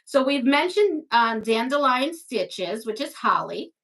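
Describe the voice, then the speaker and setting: A woman from Brooklyn co-hosts a relaxed live stream. Her voice sits a little high. She chats easily, reads comments aloud and laughs often. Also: unhurried. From Brooklyn, New York. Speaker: live stream co-host reading viewer chat. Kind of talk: casual live-stream chat.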